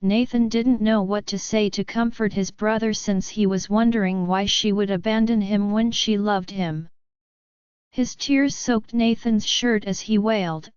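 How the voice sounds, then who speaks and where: A woman narrating a scripted romance story in a measured, dramatic storytelling manner. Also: medium pitch, fairly even intonation, a little mellow, smooth, no echo. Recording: slightly dull, dry recording.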